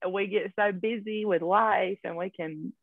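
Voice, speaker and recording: A woman's voice: mid-range voice, fairly even intonation, measured pace, gravelly, dry recording, phone-quality sound. A woman guest sharing her faith story in casual interview talk, chatty and full of fillers. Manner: chatty, laughs often, storytelling with many fillers.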